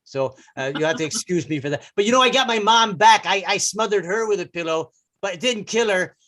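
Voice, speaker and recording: A sheepish middle-aged salesman, put on by a man, with a Minnesota accent stumbles through an apology. The voice sits high and bright, full of stammers and restarts. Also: animated, fairly quick.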